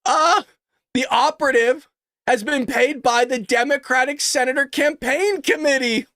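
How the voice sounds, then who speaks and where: A man's voice: extremely high pitch, normal speed, fairly bright tone, no echo, clean studio sound. A man hosting a political podcast, reading news aloud with sarcastic, profane asides and mocking put-on voices. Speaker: podcast host.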